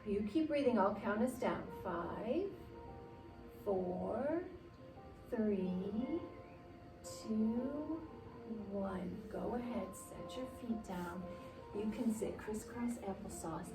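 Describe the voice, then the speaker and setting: A woman guiding children through a yoga class, gently encouraging and playful, sometimes making animal noises. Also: mid-range voice, drawn-out words, distant mic. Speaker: kids' yoga teacher. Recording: roomy sound from away from the mic with soft music.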